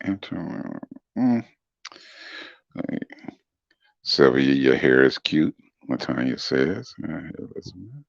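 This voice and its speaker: A middle-aged man with a very deep, smooth voice chatting casually on a livestream, laid-back and chuckling as he greets commenters by name. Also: very animated, slow pace, long pauses, no room sound. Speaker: livestream guest reading chat comments. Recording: dull dry lo-fi stream audio.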